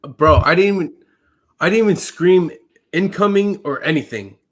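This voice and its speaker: A veteran army medic on a podcast tells a long personal tale in relaxed conversation, cursing often and saying "uh" and "like" a lot. His voice sits high and sounds animated, at a moderate pace.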